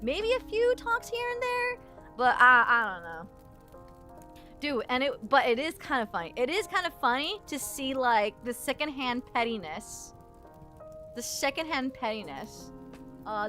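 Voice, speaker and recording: Young woman streamer yapping away, high bright voice, laughs a lot, faint music behind. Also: animated. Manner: rambling, laughs often, quick bursts of shouting. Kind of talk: casual livestream chat.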